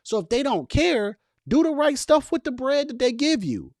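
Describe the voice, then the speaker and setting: A man's voice: extremely high pitch, big pitch swings, moderate pace, darkish tone, no echo, clean studio sound. A man hosting a casual commentary video, talking passionately and directly to viewers with plenty of slang about keeping a job while building a business. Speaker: host reacting to a podcast clip.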